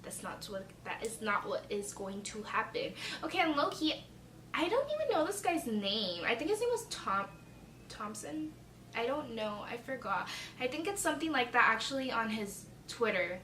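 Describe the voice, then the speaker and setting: A woman's voice: fairly high pitch, sing-song, normal speed, pushed and bright, a little hiss or hum. A young woman telling a dramatic, chatty storytime vlog, swearing freely. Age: young adult. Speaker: vlogger. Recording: echoey room, mic a bit far.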